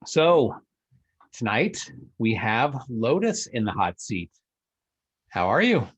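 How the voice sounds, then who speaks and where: A man's voice: medium pitch, very animated, slow, a bit bright, husky, muffled recording. Chatty male podcast host. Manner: upbeat, chatty, joking. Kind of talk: casual interview chat. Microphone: video call.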